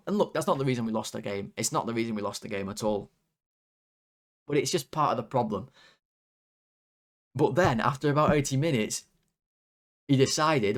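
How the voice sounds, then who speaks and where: Man, medium pitch, casual fan-channel rant, animated, sweary, exasperated. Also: brisk, pauses often. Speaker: football fan channel host.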